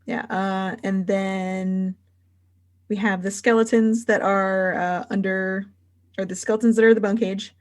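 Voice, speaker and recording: A woman's voice: medium pitch, flat delivery, unhurried. Woman game master, mid voice, loose and rambling. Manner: rambling, fillers, giggly. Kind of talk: narrating a tabletop game.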